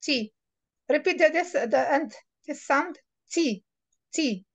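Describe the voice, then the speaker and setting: A woman tutoring a beginner in reading, patiently repeating words slowly to model how they sound. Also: high-pitched, lively intonation. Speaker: Arabic tutor. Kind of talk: one-on-one reading lesson.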